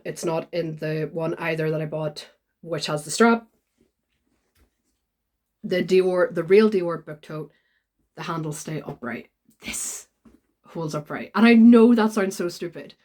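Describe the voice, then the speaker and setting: A woman, chatting casually in a vlog and retelling a story with lively quoted voices. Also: fairly low pitch, a little slow, long pauses. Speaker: vlogger.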